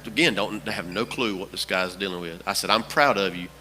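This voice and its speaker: A man's voice: low voice, fairly quick, bright, forceful tone, big-room sound, soft background music. A man preaching a sermon as pastor, telling a story with repeated phrases for emphasis. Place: church sanctuary.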